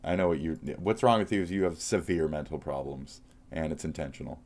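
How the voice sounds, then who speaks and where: A man's voice: rumbling low, steady tone, brisk, darkish tone. A man streaming live, reacting to posts with a profane, mocking rant.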